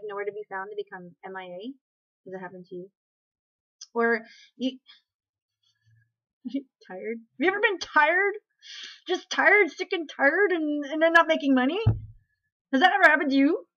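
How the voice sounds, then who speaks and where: Woman vlogger, higher-pitched, chatty rant with rhetorical questions, muffled home webcam audio. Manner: animated, repeats rhetorical questions, many restarts. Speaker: network marketing vlogger. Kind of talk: casual talking-to-camera rant.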